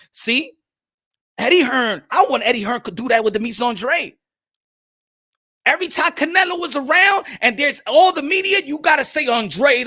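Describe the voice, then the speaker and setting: A man in the host's seat of a boxing live stream delivers a fired-up, profane rant. His voice sits very high and sounds bright and forceful. He stumbles and repeats words as he keeps breaking off to greet people in the chat. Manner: greets chat viewers by name mid-rant. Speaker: boxing commentary host.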